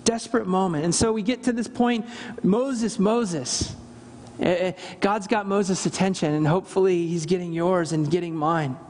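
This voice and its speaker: A man's voice: sits high, normal speed, darkish tone, big-room sound. A man preaching a sermon as pastor, earnest, acting out scripture quotes with emphasis. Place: church service.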